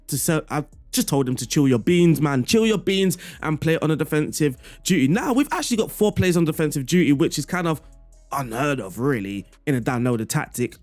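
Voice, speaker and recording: A man's voice: fairly high pitch, a little mellow. A man giving an upbeat, playful walkthrough of a video game tactic, chuckling now and then as he explains. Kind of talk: casual gameplay walkthrough commentary. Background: faint background music.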